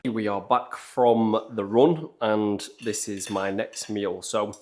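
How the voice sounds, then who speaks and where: A man's voice: fairly low pitch, fairly even intonation, slow, a little mellow, a little hiss or hum. A man, narrating a casual fitness vlog in a chatty, upbeat way and explaining as he goes. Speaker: fitness vlogger.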